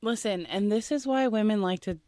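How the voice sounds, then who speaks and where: A woman in her thirties co-hosting a podcast in casual chat, lively and quick to laugh as she acts out quotes. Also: mid-range voice, no echo, clean studio sound. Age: 30s. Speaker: podcast co-host.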